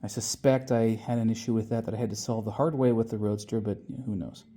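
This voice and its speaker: A man's voice: on the low side, fairly even intonation, quick pace, dark tone. A man giving a casual workshop walkthrough of his car restoration. He rambles with frequent fillers, swears casually, and sounds slightly winded after an illness.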